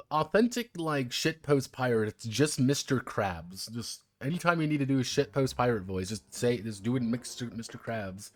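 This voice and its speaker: A man talks casually on a live stream, wandering from joke to joke and cursing as he goes. His pitch swings up and down a lot, and faint music sits under his voice. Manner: rambling, joking, swears freely. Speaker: streamer reviewing a tabletop game book.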